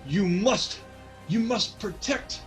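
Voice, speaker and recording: صوت روح قديمة في جمجمة، يؤديه رجل. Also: male voice, mid-range voice, expressive, faint music behind, pitched below the performer's own voice. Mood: pleading. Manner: slow, hushed and pleading. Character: ancient pleading spirit in a skull.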